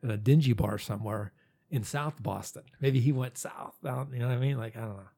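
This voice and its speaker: Dark, husky-voiced blunt man. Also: medium pitch, brisk. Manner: blunt and profane. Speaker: podcast co-host. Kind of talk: casual chat.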